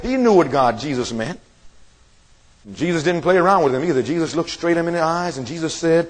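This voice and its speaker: A man's voice: high voice, lively intonation, fast, poor audio. A male evangelist preaching a sermon to a congregation in a meeting room, emphatic and quizzing his listeners with questions.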